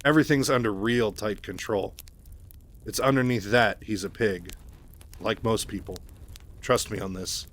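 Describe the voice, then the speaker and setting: A man reading the lines of a sardonic female telepath lieutenant, a bit higher and louder than his own voice. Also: a little slow, long pauses.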